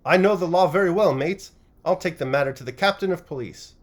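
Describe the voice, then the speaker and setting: A man voicing a defiant, blustering male tavern keeper who shouts back at a mob, read from a storybook. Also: on the high side, fairly quick, voice pushed up, close to an everyday voice.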